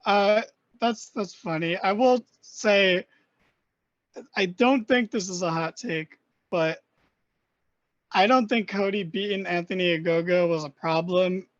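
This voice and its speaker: A man's voice: high voice, measured pace, pauses often, fairly bright tone, dry recording. A man hosting a wrestling podcast in casual chat, agreeable and steering the talk from guest to guest. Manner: agreeable, runs the talk, hands the mic to others. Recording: dry, dull lo-fi call mic.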